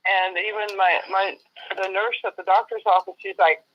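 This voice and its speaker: Woman caller, muffled phoney audio, pretty even and matter of fact. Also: medium pitch, normal speed. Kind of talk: call-in conversation. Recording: muffled phone-line call.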